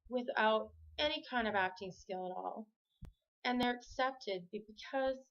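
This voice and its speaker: Woman podcast host, upbeat and encouraging, casual chat, a bit lo-fi. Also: medium pitch. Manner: enthusiastic, encouraging, with frequent ums and restarts. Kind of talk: casual talk to camera.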